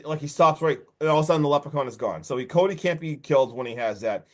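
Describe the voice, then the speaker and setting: A man hosting a podcast, excitedly recapping a horror movie in casual chat and acting out lines from it. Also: on the high side, fast. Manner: excited, swearing, acts out lines from the film. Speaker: podcast host.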